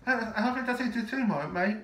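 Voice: mid-range voice, expressive, quick pace, lightly acted. A pushy, pestering character, as someone puts him on, who tacks "mate" onto nearly every line and trips over his own restarts. He sounds off in a roomy space, set back from the mic, with a faint hiss underneath. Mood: teasing. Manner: repeats "mate" constantly, stammering restarts. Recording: echoey room, distant mic, faint noise.

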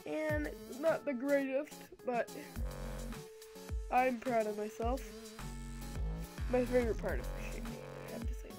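A congested young woman casually reviews a graphics tablet and demonstrates how she draws, chatting and rambling with lots of fillers. Her voice is on the high side with fairly even intonation, unhurried with long pauses, and music plays behind her.

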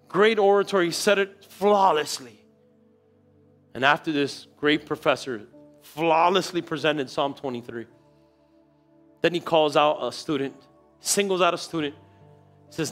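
A male pastor preaching a sermon in a church, telling a story with dramatic swings between quiet and loud. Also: a little high, normal speed, pauses often, soft background music. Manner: storytelling, dramatic shifts in loudness.

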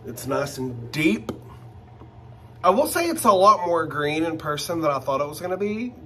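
A man chatting casually while unboxing luxury items, gushing and exclaiming with excitement. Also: fairly high pitch, moderate pace, a little hiss or hum.

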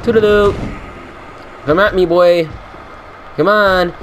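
Man, gamer, high voice, joking commentary, chats to monsters, frequent laughs. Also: lively intonation, moderate pace, fairly bright tone, slight background noise. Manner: jokey, talks to game enemies, laughs often. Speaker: let's play gamer. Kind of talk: casual gameplay commentary.

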